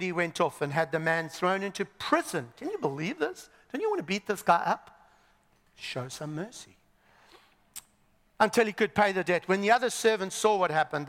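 Man preaching a sermon, high voice, animated swings, church hall reverb. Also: moderate pace. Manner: animated, swinging between loud and hushed.

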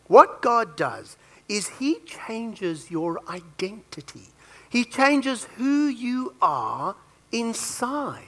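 A man preaching a sermon, joking and telling personal stories as he makes his point. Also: high voice. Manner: animated, joking storyteller.

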